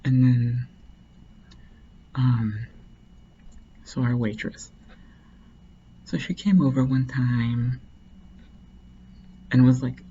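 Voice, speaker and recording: A man's voice: mid-range voice, level tone, drawn-out words, long pauses, warm tone, lo-fi sound, slight background noise. A man casually telling a long, rambling story, full of "like" and restarts. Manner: rambling, heavy use of "like".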